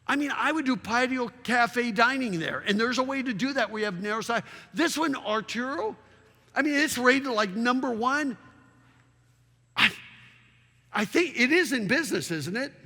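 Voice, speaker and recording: A man giving a public slide presentation as a town consultant, animated and full of rhetorical questions. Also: very high-pitched, moderate pace. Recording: long reverb of a large hall.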